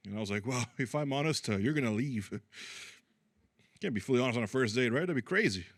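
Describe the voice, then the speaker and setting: A man's voice: mid-range voice, animated, a little fast, no echo, studio quality. A man from Brazil doing a chatty, self-deprecating stand-up comedy set, acting out the people in his stories. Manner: chatty, self-deprecating, acts out quoted voices.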